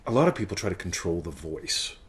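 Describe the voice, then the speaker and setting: Speaking fairly quickly in a low, husky voice with big pitch swings, this man runs a live question-and-answer show. His casual coaching talk is playful, full of laughter and "right?" tags, and he drops into silly character voices.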